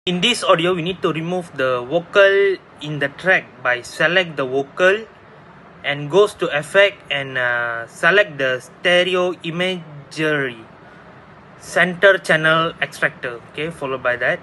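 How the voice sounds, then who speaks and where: A young male student explaining software steps, hesitant and full of ums and uhs. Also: a little high, a little slow, a little hiss or hum. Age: young adult. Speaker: student presenter.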